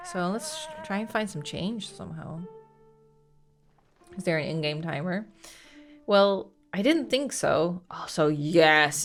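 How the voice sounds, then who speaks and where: A woman's voice: fairly low pitch, fairly bright tone. A woman giving casual let's-play commentary, chatting and thinking aloud as she plays, swearing when frustrated. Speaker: gaming streamer.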